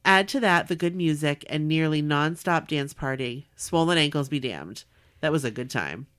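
A woman podcast host in casual chat, reading a listener's letter aloud with animated warmth. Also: sits low, moderate pace. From Southern California. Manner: warm, animated reading with laughs.

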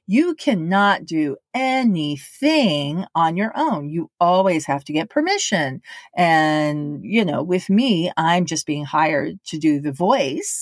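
Woman, voice actor, casual storytelling, lively pitch, slightly low voice, acts out quotes. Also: no echo, clean studio sound. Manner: animated, acts out other people's lines in quotes.

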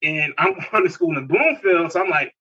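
A man from Newark, telling animated stories in slangy casual chat and laughing often. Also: on the high side, normal speed, husky. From Newark, New Jersey. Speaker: podcast co-host. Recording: distant, dull lo-fi mic.

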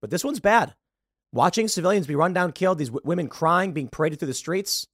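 A podcast host with a fairly high, somewhat bright voice speaks expressively and fairly quickly, recorded dry with studio quality. His political commentary is heated and emphatic, and he stumbles over repeated words when he gets worked up.

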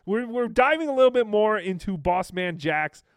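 A man hosts a casual podcast, reacting to clips with dry sarcasm and easy laughter. His voice sits a bit high and moves around a lot. The sound is close and dry. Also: expressive, moderate pace, smooth, no room sound. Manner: amused, sarcastic, laughing often. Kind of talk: casual commentary.

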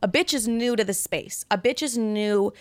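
A woman in her twenties with a slightly high voice, speaking at normal speed on a dry recording, hosts a podcast answering listener questions. Her candid chat is blunt and rambling, with free swearing, self-talk, and loud asides.

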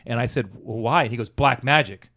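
A man's voice: medium pitch, brisk, creaky. A man telling a profanity-laced story about an old job in casual conversation, acting out the dialogue. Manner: profane, animated anecdote-telling with quoted dialogue.

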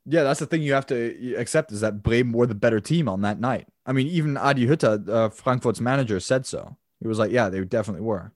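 A man's voice: mid-range voice, fast talker, hardly any pauses, a little mellow, dry recording, studio quality. A man co-hosting a casual football podcast, chatty and rambling, with frequent restarts. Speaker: podcast co-host.

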